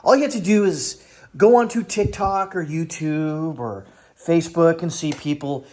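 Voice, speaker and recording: A man's voice: a little high, animated, moderate pace. A man in his forties giving sarcastic casual political commentary, mocking others in whiny voices.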